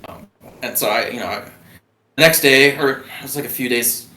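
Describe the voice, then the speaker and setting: A young man, a former submarine sailor, telling his story as a guest in a halting way full of restarts. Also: mid-range voice, pushed and bright. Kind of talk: casual storytelling. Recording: roomy, distant mic.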